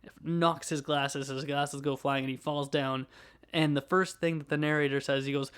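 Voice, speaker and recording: A man's voice: fairly high pitch, moderate pace, clear, resonant tone. Upbeat young man retelling a movie. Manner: animated plot retelling with frequent laughs. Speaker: podcast host. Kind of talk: casual movie review.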